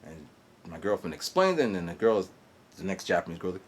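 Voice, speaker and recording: A man in his forties vlogging a rambling, halting story full of fillers, digressions and mouth sound effects. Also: deep voice, very animated, a little hiss or hum. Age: 40s. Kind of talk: rambling monologue. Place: guest house in Japan.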